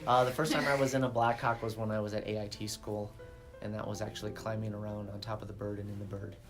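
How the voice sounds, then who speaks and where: A man's voice: lowish voice, fast. A middle-aged man, an Army veteran, casually telling stories in an interview and acting out the voices of the people in them. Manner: lively, acts out the voices in his story. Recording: guitar music underneath.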